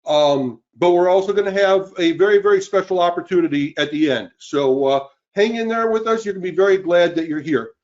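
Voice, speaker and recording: A man in his fifties hosting a live webinar sales pitch, upbeat and greeting listeners by name. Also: fairly quick, few pauses, highs cut off. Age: 50s. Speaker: webinar host. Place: cold indoor room.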